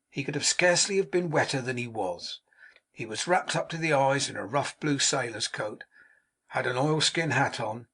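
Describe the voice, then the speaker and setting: Brief: male audiobook narrator, husky, mid-pitched, measured storytelling. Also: sharp tone. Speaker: audiobook reader.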